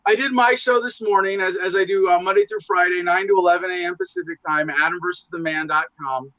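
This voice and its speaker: A man in casual podcast conversation, talking in animated, profane, rambling asides. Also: sits high, quick pace, no echo, lo-fi sound. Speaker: podcast guest, show host.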